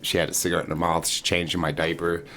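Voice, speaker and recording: A man co-hosting a podcast, telling a relaxed anecdote in casual conversation. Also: deep voice, fast, slight background noise. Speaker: podcast co-host. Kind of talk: casual interview chat.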